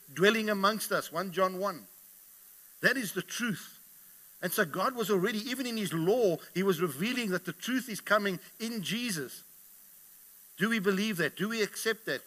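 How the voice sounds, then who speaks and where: A man preaching a sermon, speaking with passion and getting louder as he retells the stories. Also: high voice. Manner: impassioned, rising in volume when retelling stories. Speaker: pastor.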